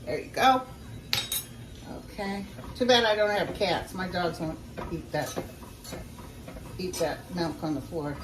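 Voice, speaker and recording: In a casual cooking vlog, a woman with a fairly low, expressive voice walks through a recipe at a measured pace with long pauses. Chatty and folksy, she speaks straight to viewers from her home kitchen, recorded from a distance with roomy sound and a noisy background.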